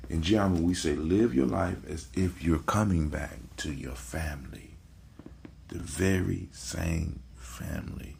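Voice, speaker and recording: A man's voice: low-pitched, measured pace, vocal fry, a little mellow, a little hiss or hum. A man hosting a casual motivational talk, preachy, repeating his phrases and checking in with "right?". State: sleepy, yawning. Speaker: podcast host.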